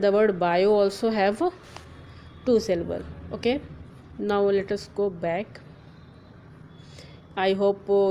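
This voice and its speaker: A woman gives a grammar lesson in a warm, mid-range voice, spelling letters slowly and often checking in with "clear?" or "okay." The recording is rough, with a bit of hiss or hum.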